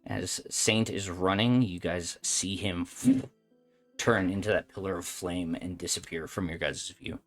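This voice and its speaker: Low-voiced woman game master. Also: fairly even intonation, a little slow, soft background music. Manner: casual, with many fillers. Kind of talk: narrating a tabletop game.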